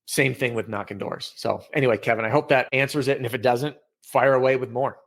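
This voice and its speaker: Brief: candid, energetic man, mid-pitch, a sales trainer guesting on a podcast over a video call. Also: fairly quick, gravelly. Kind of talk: casual podcast interview. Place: home office with bookshelf.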